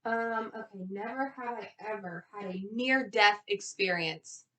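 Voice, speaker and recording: A young woman co-hosts a casual vlog with a light Southern US accent. She tells stories in an animated, filler-heavy way. Her voice sits at an average pitch. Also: measured pace, soft background music. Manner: animated storytelling, lots of "like". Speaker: co-host. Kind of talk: casual chat.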